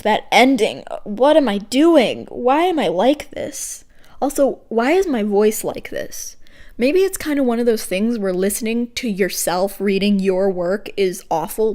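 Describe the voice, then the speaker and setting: A woman's voice: mid-range voice, darkish tone. A woman hosting her podcast, reading her own poetry aloud with awkward, self-deprecating asides. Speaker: podcast host.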